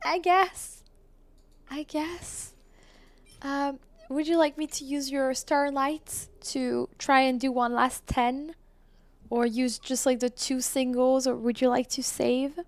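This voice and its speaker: A woman's voice: high voice, little pitch movement, takes it slowly, pauses often. A woman streaming a game, chatting casually with viewers, apologetic and laughing often. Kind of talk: casual live-stream chat.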